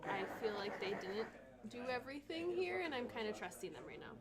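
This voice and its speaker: A woman speaks softly and tentatively as a player in a tabletop game. Her voice sits high and sounds far from the mic. Crowd chatter from a noisy stream fills the background. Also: very animated, brisk. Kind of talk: casual tabletop play.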